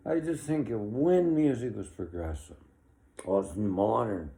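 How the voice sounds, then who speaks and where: A man's voice: on the low side, slow pace, long pauses, mellow, a little hiss or hum. A man in his sixties giving an opinionated, rambling monologue, with chuckles between his complaints. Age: 60s.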